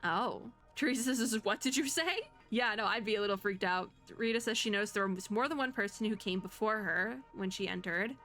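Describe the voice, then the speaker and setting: A young woman streaming a game, thinking out loud in a chatty way and reading the dialogue aloud. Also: medium pitch, fairly quick, few pauses, soft background music. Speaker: VTuber gamer. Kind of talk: casual gameplay commentary.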